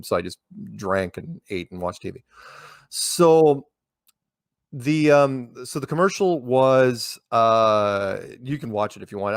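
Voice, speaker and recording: A man's voice: fairly low pitch, creaky, dry recording, clean studio sound. Rambling American man telling stories. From United States. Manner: rambling, repeats words and restarts often. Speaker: interview guest. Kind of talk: casual conversational storytelling.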